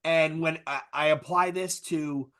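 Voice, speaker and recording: A man's voice: fairly high pitch, fairly even intonation, a little slow, fairly bright tone, clear, resonant tone. A man on a podcast panel, talking in a rambling way, correcting himself and tagging "right?" onto his points. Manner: rambling, self-correcting, keeps adding "right?". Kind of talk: casual panel discussion.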